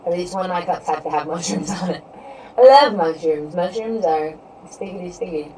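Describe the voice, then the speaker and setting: A woman's voice: on the low side, expressive, normal speed, mellow. Rambling woman streamer chatting with her viewers. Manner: rambling, leans heavily on "you know". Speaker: live streamer. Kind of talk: casual live-stream chat with viewers. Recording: distant mic with faint background noise.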